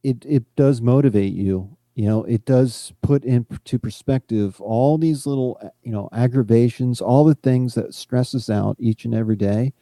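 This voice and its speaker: A man's voice: mid-range voice, normal speed, hardly any pauses, warm tone, no room sound. A man co-hosting a podcast, talking in a casual, reflective way with many "you know" fillers. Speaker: podcast co-host.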